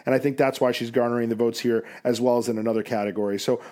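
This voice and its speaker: A man's voice: mid-range voice, fairly even intonation, very fast, a little mellow. Conversational male podcast host. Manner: conversational, many fillers. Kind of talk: casual podcast discussion.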